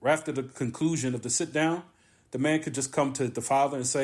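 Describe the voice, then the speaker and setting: A man of middle pitch gives a religious lesson in a mosque. He talks with emphasis, circles back to repeat his key lines, and pauses between phrases. Arabic terms run all through his teaching. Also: fairly even intonation, darkish tone. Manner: repetitive, emphatic, drawn-out pauses. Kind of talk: religious lesson on a classical text.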